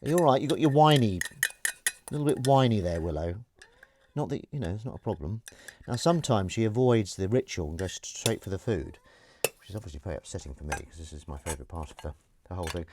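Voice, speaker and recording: A man with a fairly low voice talks casually and jokily while he does the dishes at home. Plates, pots and cutlery clatter clearly behind him. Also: animated, quick pace, a little mellow, slight background noise. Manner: chatty, self-aware, jokey. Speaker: live-stream host. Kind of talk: casual rambling monologue. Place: home kitchen at the sink.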